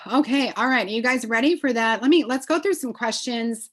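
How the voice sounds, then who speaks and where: A woman's voice: a little high, moderate pace, fairly bright tone. A woman presenting a live online class, talking enthusiastically and casually with many fillers, heard through a computer mic. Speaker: essential oils presenter.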